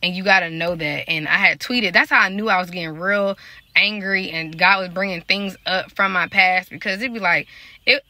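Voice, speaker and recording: A woman's voice: on the low side, moderate pace, pushed and bright, dry recording. A woman, talking casually to her viewers about faith and relationships. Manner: talks in a loose, conversational way, addressing viewers directly. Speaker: prophetic dreamer and life coach. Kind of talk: casual spiritual vlog talk.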